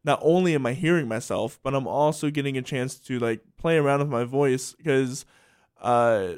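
Young man, podcast host, casual chat, rambling with restarts, mid-pitched voice. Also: moderate pace, darkish tone, clean tone. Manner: rambling, many restarts and fillers.

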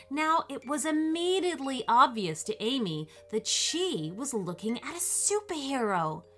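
A woman narrating a children's story in a gentle, expressive way. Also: medium pitch.

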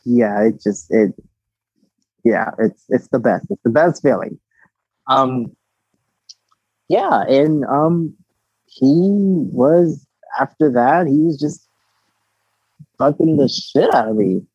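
Husky, giggly young man. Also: medium pitch, expressive, mellow, no echo, highs cut off. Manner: giggly, frank, halting with many restarts. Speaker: interview guest. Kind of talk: candid casual interview.

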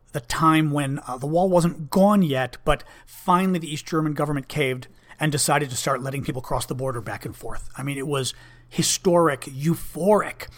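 Brief: blunt, conversational man in his fifties, slightly higher-pitched voice, storytelling to camera. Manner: candid, conversational, with fillers and restarts, blunt language. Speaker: vlogger, former Senate staffer. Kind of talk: casual storytelling monologue.

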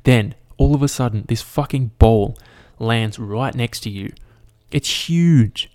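A man's voice: mid-range voice, a little slow, dark tone. A young man hosting a solo podcast, talking casually with lots of swearing and fillers. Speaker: podcast host. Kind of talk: solo podcast rant and storytelling.

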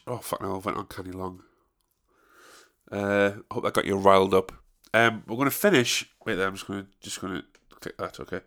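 A man's voice: low-pitched, steady tone, brisk, fairly bright tone. A young man from the North of England with a Northern English accent, ranting casually and swearing, with many repeated restarts. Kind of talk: casual monologue.

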